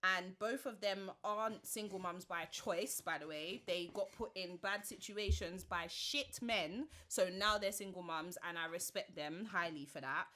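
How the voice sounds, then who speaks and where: A woman's voice: on the low side, a little slow, few pauses, sharp tone. A woman in her twenties with a London accent, telling her story animatedly with plenty of slang as a podcast guest. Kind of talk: casual chat.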